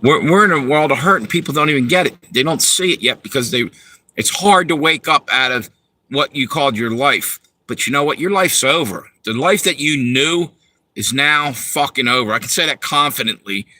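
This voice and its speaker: A man's voice: mid-range voice, lively intonation, moderate pace, sharp tone, poor audio. A man hosting a livestream and ranting angrily and profanely to his viewers while reading the chat. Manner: profane, heated, talks to viewers.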